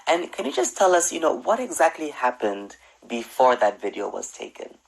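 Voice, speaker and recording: A male news interviewer with a gravelly edge to his voice, asking his questions in a steady, measured broadcast manner. His pitch sits in an ordinary middle range, and he keeps a calm, even delivery throughout. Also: poor audio.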